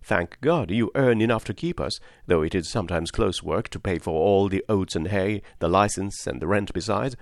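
Steadfast working-class wife voiced by a male reader, slow and firm, dry sound. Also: sits low, dry recording. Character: devoted cabman's wife, firm and gentle.

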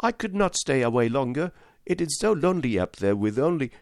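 Man voicing a distraught young woman, broken english, pleading, high, dry sound. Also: sing-song, brisk, gravelly, darkish tone, dry recording. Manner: pleading, rising to a cry.

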